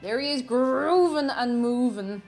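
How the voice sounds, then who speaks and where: A woman hosting a live baking stream from her home kitchen, chatty and excitable, laughing often as she greets viewers. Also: high-pitched, unhurried, faint music behind. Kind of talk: casual live-stream chat.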